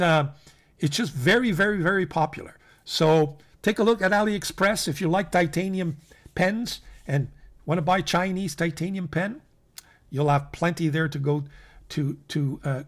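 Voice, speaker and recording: A man hosting a weekly pen roundup, his voice sitting a little higher than most men's. He rambles casually, stumbling over restarts and filling pauses with ums and uhs, and he talks straight to the viewers as folks. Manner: rambling, many fillers and restarts. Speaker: fountain pen channel host.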